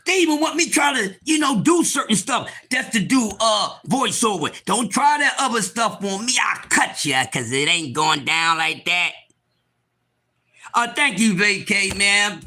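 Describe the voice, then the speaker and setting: Man, very high cartoonish voice, bright, loud and preachy, livestream host. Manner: loud, preachy, often shouting. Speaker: live stream host. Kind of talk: animated livestream talk.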